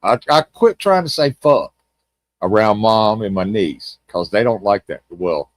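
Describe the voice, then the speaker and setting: A man's voice: lowish voice, animated, unhurried, no room sound, clean studio sound. A man, a guest on a stream, chatting in a laid-back way, laughing and swearing now and then. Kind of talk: casual chat.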